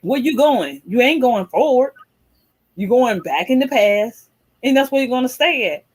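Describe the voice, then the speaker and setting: A woman's voice: on the high side, expressive, normal speed, slightly rough. Blunt, emphatic woman talk-show host. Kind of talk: casual radio talk.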